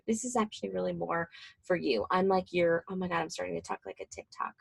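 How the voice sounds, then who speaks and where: A woman's voice: mid-range voice, a little fast, vocal fry, a bit bright, breathy edge. A woman in her twenties, a mental health counselor, giving a casual, chatty talk to fellow professionals with plenty of fillers and asides. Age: 20s.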